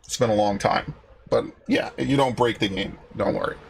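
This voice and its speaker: A young man streams a video game, giving casual commentary that rambles, turns sarcastic, swears often and drifts into anecdotes, with faint game music behind him. His fairly low voice is gravelly and moves at normal speed.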